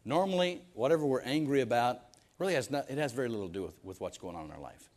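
With an expressive, fast mid-range voice and a darkish tone, a pastor preaches emphatically. Rhetorical questions come one after another, and he trips over repeated words as he drives his points home.

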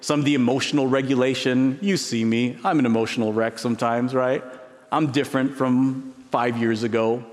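A man preaching a sermon with emphasis, his voice climbing high on key words between musing pauses. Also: steady tone. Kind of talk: expository sermon. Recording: long reverb of a large hall.

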